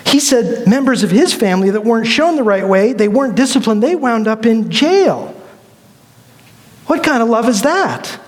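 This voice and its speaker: High-voiced pastor in a reverberant church. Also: male voice, animated, normal speed. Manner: conversational storytelling with acted quotes. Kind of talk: sermon. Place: church sanctuary.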